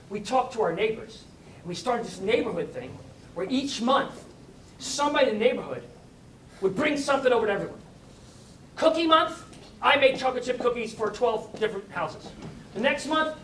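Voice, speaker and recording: A man telling a story as a motivational speaker, animated and rising to high bursts of excitement. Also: fairly quick, roomy sound, distant mic, slight background noise. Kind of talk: storytelling talk.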